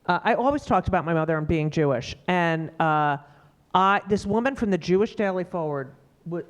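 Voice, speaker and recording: A middle-aged woman comedian, telling stories emphatically in a panel conversation. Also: normal speed. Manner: animated, emphatic storyteller with sudden pitch jumps. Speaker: stand-up comedian.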